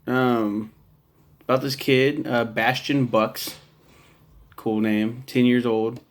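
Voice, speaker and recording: A man's voice: medium pitch, creaky. A man casually reviewing a film, rambling with many fillers and restarts and swearing now and then.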